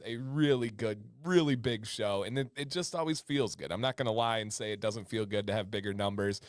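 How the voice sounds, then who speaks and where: A man hosting a casual livestream, upbeat and quick to laugh as he wraps up. His voice sits in an ordinary middle pitch. The sound is dry and close, with no room echo. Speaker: host. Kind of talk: casual chat.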